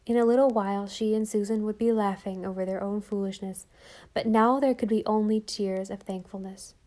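A woman narrating a storybook audiobook in a gentle, expressive way. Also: medium pitch, a little fast. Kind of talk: scripted narration.

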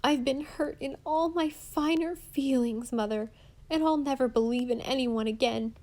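Storybook role: woman voicing a wounded, fiery young girl, high and loud. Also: normal speed, close to an everyday voice. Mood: hurt. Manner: impassioned and high-strung. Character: hurt, passionate young girl.

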